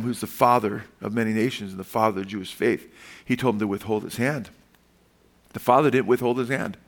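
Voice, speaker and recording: A man preaching a sermon as a pastor, earnest, moving between soft, slow passages and sudden emphatic lifts. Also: medium pitch.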